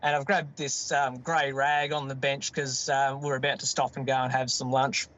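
A man's voice: mid-range voice, level tone, normal speed, fairly bright tone, muffled recording. A middle-aged man with an Australian accent, telling family stories in a casual, rambling way. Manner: rambling, self-interrupting, laughs at his own stories. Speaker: guest. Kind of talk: casual storytelling.

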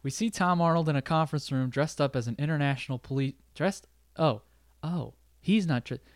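A man's voice: a little high, dry recording, studio quality. A man co-hosting a podcast, casually recapping a film's plot with frequent laughs. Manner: recaps the plot, laughs often, quotes lines in quick bits. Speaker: podcast co-host recapping a film. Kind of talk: casual chat.

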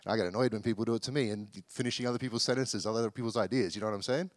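A man's voice: fairly low pitch, rapid-fire, no room sound, clean studio sound. A young man giving a casual, joking sermon, acting out the people in a Bible story as he reads. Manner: chatty, self-deprecating, acts out the people in the story.

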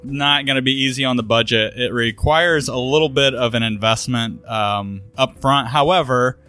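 Male podcast co-host, bright timbre, teasing and wry. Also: mid-range voice, normal speed, soft background music. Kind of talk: casual chat.

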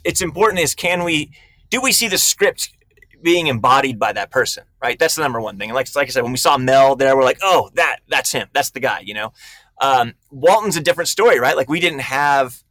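A man, a film director, telling stories about casting in an energetic, emphatic interview. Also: medium pitch, no echo. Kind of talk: casual interview storytelling.

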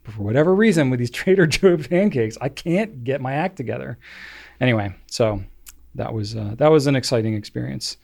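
This is a male podcast co-host with an everyday, middle-pitched voice, talking loosely and casually. He rambles through his points and scatters filler words all over them. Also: expressive, brisk, creaky, darkish tone. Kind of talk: casual chat.

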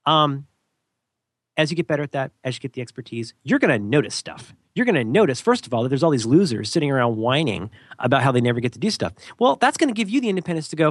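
A podcast co-host rants casually, talking fast and emphatically while his pitch leaps up and down as he makes his points. He's animated and keeps jumping into mocking voices of other people. The sound is dry and close, with no room echo.

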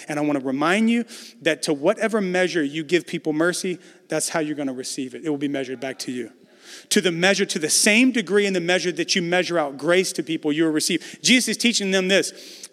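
A man's voice: on the high side, a bit bright, long reverb tail. A man preaching a conversational sermon as pastor, building emphasis through repetition.

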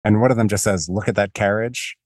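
A man's voice: on the low side, steady tone, fairly quick, no room sound, clean studio sound. A man hosting a podcast, talking through a book in a rambling, self-deprecating way with many restarts. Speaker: podcast host. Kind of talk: casual book discussion.

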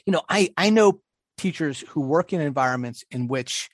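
A man's voice: a little high, expressive, moderate pace, no room sound, studio quality. A man co-hosting a podcast in casual chat, rambling and restarting his sentences, laughing often. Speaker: podcast co-host.

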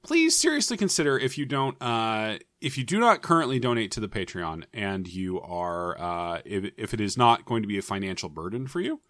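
A man's voice: fairly low pitch, sing-song, moderate pace, few pauses, fairly bright tone, dry recording, studio quality. A man co-hosting a podcast in casual banter, swearing a lot and joking with mock anger. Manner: profane, mock-angry joking. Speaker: podcast co-host.

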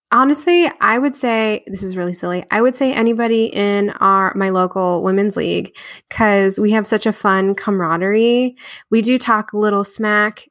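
A woman talking as a guest on a casual podcast, friendly and hesitant, with many pauses and fillers. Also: medium pitch, fairly bright tone, dry recording, clean studio sound. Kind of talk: casual interview chat.

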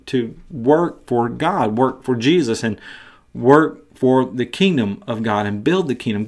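Male podcast Bible teacher, earnest, mid pitch, frequent restarts.

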